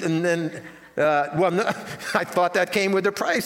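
An older man delivers a sermon from a church platform, and his voice sits slightly higher than most men's. He slides from Scripture into folksy, self-deprecating stories, and the sound rings with the long reverb of the hall. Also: a little slow, fairly bright tone. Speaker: pastor. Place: church sanctuary.

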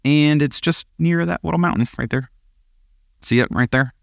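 A man's voice: on the high side, normal speed, creaky, no echo. Chatty young man preaching, dry close sound. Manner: chatty and self-deprecating, laughs often, goes off on tangents. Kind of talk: casual sermon with stories.

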